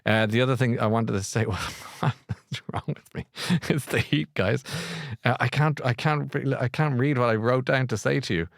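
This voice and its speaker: A man's voice: mid-range voice, gravelly, dry recording. Chatty Irish man, dry close sound. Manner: rambling, chatty, quick to laugh. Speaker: podcast host. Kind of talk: casual live chat.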